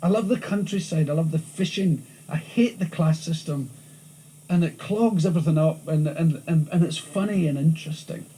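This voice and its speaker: A man with a thick Glasgow accent, talking through an interview in lively stories full of restarts. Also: fairly high pitch, normal speed, rough recording. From Scotland. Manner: animated storytelling, frequent restarts. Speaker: interviewee, comedian. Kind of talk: candid interview chat. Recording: old VHS tape with faint hiss.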